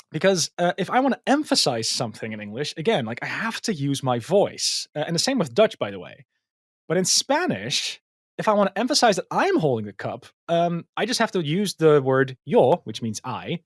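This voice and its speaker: Male podcast guest, higher voice, halting but thoughtful, close dry mic. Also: sing-song, no room sound. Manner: hesitant, many fillers and restarts; thoughtful explaining tone. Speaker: guest, machine learning engineer. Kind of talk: casual podcast conversation.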